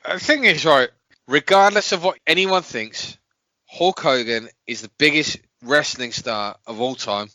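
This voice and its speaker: Blunt, opinionated man, bright voice. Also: on the high side, unhurried, no room sound, lo-fi sound. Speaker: podcast co-host. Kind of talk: casual podcast chat.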